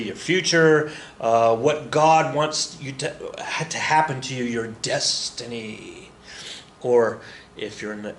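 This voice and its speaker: A man's voice: mid-range voice, a bit bright, reverberant, slight background noise. A male history teacher giving a casual, joking classroom lecture, often correcting himself as he talks to his students.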